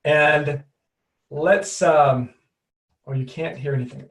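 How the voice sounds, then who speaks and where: A man's voice: a little high, slow, long pauses. Upbeat man hosting a roomy-sounding webinar. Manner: upbeat, hyped, chatty, greets viewers one by one. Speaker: webinar host and trainer. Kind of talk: live webinar coaching. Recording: roomy and distant from the mic.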